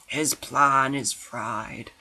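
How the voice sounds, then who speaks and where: A man's voice: medium pitch, fairly even intonation, drawn-out words, pushed and bright, rough recording. A man giving a casual spoken film review, rambling and correcting himself with frequent ums.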